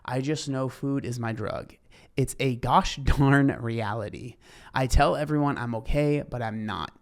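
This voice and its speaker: A man's voice: medium pitch, unhurried. A young man hosting a casual commentary, talking in a rambling way with many fillers and restarts. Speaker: commentary host.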